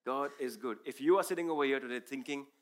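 A man's voice: mid-range voice, fast talker. A man whose first language is Urdu, giving an earnest, emphatic sermon testimony as a preacher.

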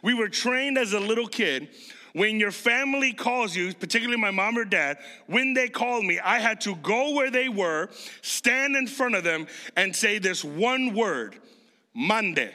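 A preacher in his thirties from Chicago speaks in a high, very bright voice, addressing the congregation like a friend and quizzing them repeatedly. He is expressive at a normal speed, and his words echo with a large hall's long reverb.

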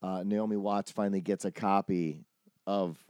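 A man casually telling a long story from his film-set days, animated and profane, acting out the people he quotes. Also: sits low, moderate pace, clear, resonant tone, no echo, clean studio sound. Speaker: podcast host telling a story.

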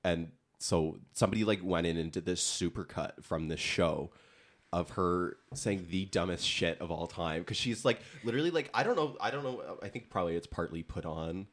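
Low-pitched man, podcast co-host, loose rambling chat. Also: normal speed. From Ontario, Canada. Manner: rambling, full of "like" fillers. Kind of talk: casual chat.

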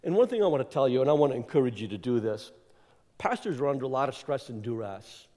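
Guest speaker, male, mid pitch, emphatic and rambling, church hall reverb. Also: fast. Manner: energetic, emphatic, rambling with fillers. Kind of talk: informal church address. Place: church sanctuary. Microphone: clip-on mic that keeps slipping.

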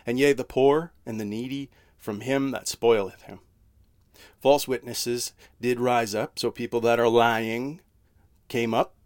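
A man preaching in an easygoing, conversational way. He slows down for scripture, then unpacks it in plain talk, often checking in with "right?". His voice sits at a mid pitch and is recorded close and dry, with no room echo. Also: steady tone. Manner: reads scripture slowly, then explains in plain words. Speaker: pastor. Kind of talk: sermon.

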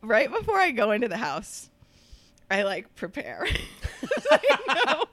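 A woman guest on a podcast, telling a story in casual chat, animated and laughing often, swearing casually. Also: on the high side, measured pace, no echo.

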